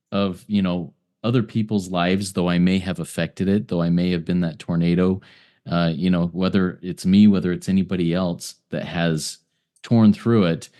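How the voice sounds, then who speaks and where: A man's voice: sits low, dark tone. A man co-hosting a recovery podcast, speaking in an earnest, thankful way with a few fillers. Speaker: podcast co-host. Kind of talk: casual recovery podcast talk.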